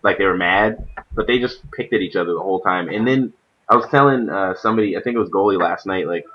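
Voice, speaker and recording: A man's voice: low voice, fast talker, highs cut off. A man hosting a casual gaming stream, rambling and often laughing. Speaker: stream host.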